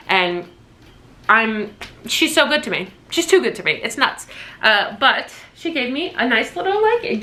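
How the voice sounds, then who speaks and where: A woman in her twenties chatting excitedly in a casual birthday haul vlog at home, gushing and swearing casually. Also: mid-range voice. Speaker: vlogger.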